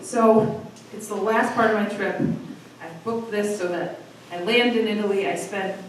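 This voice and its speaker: A woman in her thirties from Michigan hosting a live storytelling night, telling a personal story in a chatty, self-deprecating way with quick asides. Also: medium pitch, steady tone, recorded from a distance. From Michigan, USA. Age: 30s. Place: live storytelling venue with audience. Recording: echoey room from afar, faint noise.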